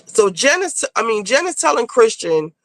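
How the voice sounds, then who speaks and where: A woman's voice: fairly high pitch, very animated, normal speed, fairly bright tone, no echo, low-quality recording. A woman giving a chatty, off-the-cuff recap of a reality TV episode, casual and loose with swearing. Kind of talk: casual, profane recap commentary.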